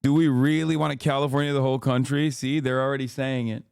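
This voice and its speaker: A man's voice: mid-range voice, flat delivery, fast talker, gravelly, a little mellow, clear, resonant tone, no echo. Streamer guy in his 30s riffing and laughing, mid voice, dry mic. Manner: loose, joking, laughs often. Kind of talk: live reaction commentary.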